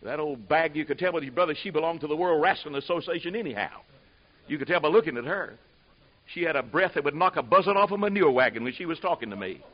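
A man preaching a sermon in a folksy way, building to loud, emphatic preaching. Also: a little high, lively intonation, quick pace. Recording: muffled lo-fi sermon recording.

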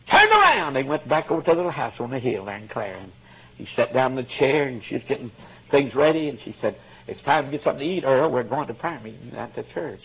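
A man's voice: mid-range voice, husky. A male preacher telling a folksy story in a sermon, his voice swelling with emotion at times. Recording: tinny phone-like lo-fi recording.

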